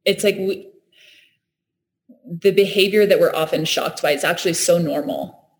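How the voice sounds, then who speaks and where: A woman's voice: on the low side, moderate pace. A woman talking in a reflective, earnest way, often laughing and restarting her sentences. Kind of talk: reflective casual conversation.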